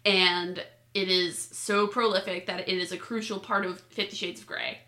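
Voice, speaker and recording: A woman co-hosting a podcast, chatting casually about books. Her voice is bright and clear, and she talks in loose, rambling sentences full of "like" fillers and the odd swear word. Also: on the low side, steady tone, normal speed. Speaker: podcast co-host.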